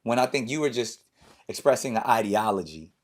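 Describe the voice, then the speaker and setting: A man in his forties hosting a casual interview, animated with bursts of laughter and halting, filler-heavy phrasing. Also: fairly low pitch. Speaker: podcast host.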